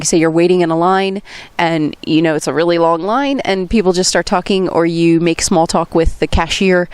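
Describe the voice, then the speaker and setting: A woman's voice: lowish voice, clear, resonant tone, dry recording. A woman from the United States, an English teacher, chatting casually and explaining things with everyday examples. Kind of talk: casual conversation.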